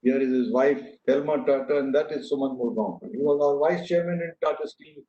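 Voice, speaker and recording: Older man, earnest storyteller at a podium, mellow voice, muffled echoey hall recording. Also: mid-range voice, a little fast. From India. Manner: anecdotal, earnest, with frequent fillers and restarts. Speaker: speaker giving a talk. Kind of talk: speech to an audience. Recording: echoey hall, dull lo-fi sound.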